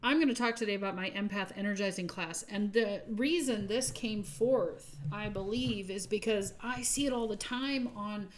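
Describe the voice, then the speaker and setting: A woman hosting a podcast, giving an earnest, upbeat spiritual talk that often trails off softly at the ends of phrases. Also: mid-range voice, normal speed, few pauses, a little hiss or hum. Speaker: podcast host.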